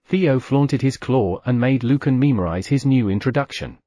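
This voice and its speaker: A man reading an audiobook novel in steady, scripted narration. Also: medium pitch, moderate pace, few pauses, no room sound. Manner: steady storytelling read.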